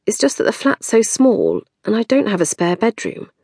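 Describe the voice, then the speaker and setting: A woman's voice: medium pitch, huge pitch swings, normal speed, a little mellow, husky, dry recording, pitched above the performer's own voice, full character voice. A woman voicing a hard-working young florist who speaks in a dry, wry, curt way.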